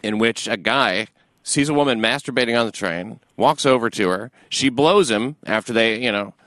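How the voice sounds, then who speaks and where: A man hosting a talk show, rambling in crude casual chat, full of fillers and halting restarts, now and then profane. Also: medium pitch, a bit bright, dry recording. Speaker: radio show host.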